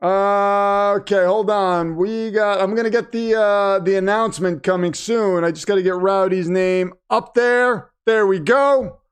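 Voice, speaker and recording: A man hosts a live stream at a desk microphone in his home setup. His voice sits high and clear, and his unhurried chatter keeps erupting into booming announcer-style calls. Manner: excitable, breaks into wrestling-announcer shouts. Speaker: livestream host. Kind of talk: live watch-party commentary.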